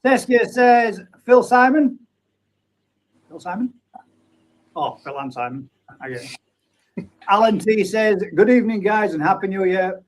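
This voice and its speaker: Man, stream host, casual chat, fairly high voice, reads viewer comments aloud. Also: animated, a little slow, long pauses, rough recording. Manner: chatty, banters and reads names aloud.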